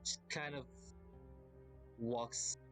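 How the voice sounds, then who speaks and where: A man's voice: medium pitch, fairly even intonation, very slow, fairly bright tone, faint music behind. A man playing a tabletop game, playful and punchy as he narrates his own actions. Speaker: player. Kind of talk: casual tabletop game play.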